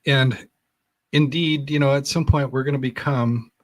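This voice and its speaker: A man speaking as a guest in a relaxed conversation, his voice sitting in an ordinary middle pitch. He talks earnestly and keeps circling back, restarting his sentences while he hunts for the right words. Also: normal speed, no echo. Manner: rambling and searching for words, with frequent restarts; earnest and enthusiastic, with loud bursts of laughter. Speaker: podcast guest. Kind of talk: casual conversation.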